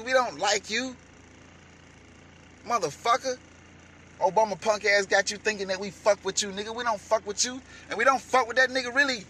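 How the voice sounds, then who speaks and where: A man delivering a heated, profane rant as a vlogger, shouting at times. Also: high-pitched, steady tone, moderate pace, a little hiss or hum. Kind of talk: heated ranting commentary.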